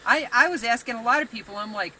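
Brief: earnest woman evangelist, bright, sharp tone, chatty. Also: fairly high pitch, fast, slight background noise, low-quality recording. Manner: earnest, rambling. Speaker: street evangelist. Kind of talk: casual talk about evangelizing.

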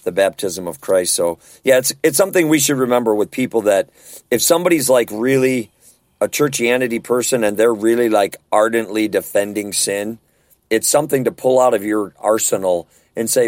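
A man's voice: fairly low pitch, normal speed, no room sound. A man leading a casual Bible study discussion, talking earnestly and conversationally and often checking in with rhetorical questions.

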